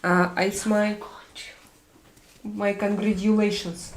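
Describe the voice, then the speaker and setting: A woman from Russia with a Russian accent, hosting a live stream and chatting with viewers, halting with many fillers and restarts. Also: mid-range voice, flat delivery. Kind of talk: casual chat reading viewer comments.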